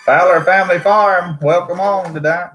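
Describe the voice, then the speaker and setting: Easygoing Southern male co-host, slightly high, hesitant delivery. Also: steady tone, moderate pace, fairly bright tone, faint music behind. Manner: easygoing, hesitant, many fillers. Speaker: livestream co-host. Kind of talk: casual livestream chat.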